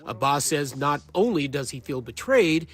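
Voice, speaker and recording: A man reading broadcast news in a measured, formal manner. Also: on the high side, very animated, slightly rough. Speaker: news anchor.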